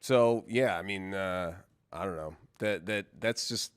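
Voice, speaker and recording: A man's voice: deep voice, unhurried, clear, resonant tone. Joking co-host guy on a podcast, playful and loose. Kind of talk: casual podcast chat.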